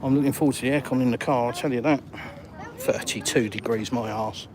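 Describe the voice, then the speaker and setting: An older English man with an English accent talks casually to his viewers while walking outdoors by the water. He chats in a matey way and reads out comments as he goes. Street noise and passing vehicles are clearly heard behind him. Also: medium pitch, fairly quick. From England. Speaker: vlogger. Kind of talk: live-streamed walk and talk.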